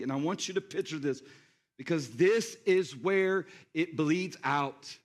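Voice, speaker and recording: A man's voice: on the high side, moderate pace. A male pastor preaching a sermon, addressing the congregation directly and acting out scenes.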